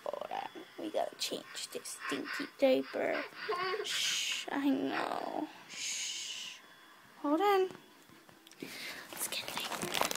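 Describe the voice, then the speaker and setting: A woman filming herself on her phone, softly hushing and soothing a baby while chatting casually to her viewers. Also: high voice, huge pitch swings, takes it slowly, gravelly, long pauses, very noisy. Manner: soothing, hushing, often soft and whispery. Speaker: vlogger caring for a baby. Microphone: handheld phone.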